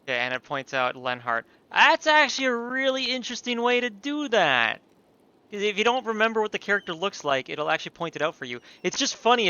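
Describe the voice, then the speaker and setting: A man giving sweary, animated gameplay commentary with laughing asides. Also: high voice, smooth, dry recording, lo-fi sound. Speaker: let's play streamer.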